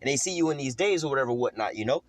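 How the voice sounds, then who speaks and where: A man preaches a casual scripture lesson, talking quickly and loosely, with "man" and "you know" in nearly every breath. His voice sits at an ordinary middle pitch. The recording is dry and close, with almost no room sound. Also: lively intonation, dry recording. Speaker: lay preacher.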